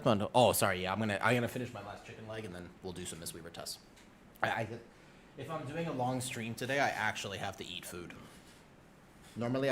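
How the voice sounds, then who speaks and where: Animated, swearing male game streamer. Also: lowish voice, a little hiss or hum. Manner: animated, swears freely, scolds his cat playfully. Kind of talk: casual live-stream chat. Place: home room at a computer.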